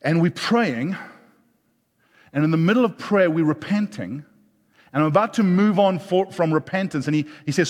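A middle-aged man preaching a sermon, animated, rising loud and then dropping soft. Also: a little high, moderate pace. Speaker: pastor. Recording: long hall reverb.

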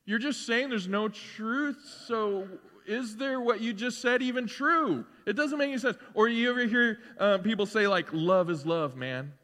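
Casual, bright-voiced male pastor in a reverberant church. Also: very high voice, moderate pace, hardly any pauses. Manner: casual, conversational, with filler words and animated asides. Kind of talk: sermon. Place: church sanctuary.

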